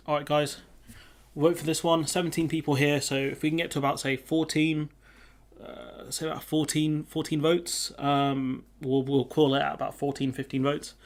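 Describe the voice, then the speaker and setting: A man hosting a casual live stream, chatting with viewers and reading their comments aloud. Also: medium pitch. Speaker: livestream host.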